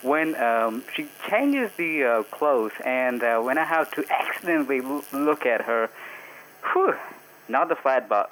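Over a phone line with poor audio, a man from India calls a radio show, his mid-range voice a bit bright. He talks hesitantly, leaning on fillers and laughing often.

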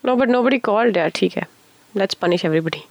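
A woman co-hosts a late-night radio show, talking very fast with lively, bouncing pitch. She answers with cheeky comebacks. The studio sound is dry. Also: creaky, no room sound. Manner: cheeky, quick comebacks, mixes English, Hindi and Punjabi. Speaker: radio co-host.

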